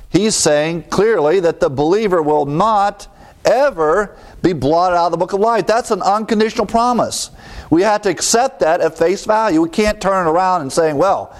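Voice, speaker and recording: A man teaching through a Bible passage in a measured, explanatory way, with a voice of ordinary middle pitch for a man. He leans on repetition to stress his points and rises in pitch and force as he presses home a promise. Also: a little mellow. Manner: deliberate and explanatory, repeating key words for emphasis; grows more emphatic and higher-pitched when driving a point home.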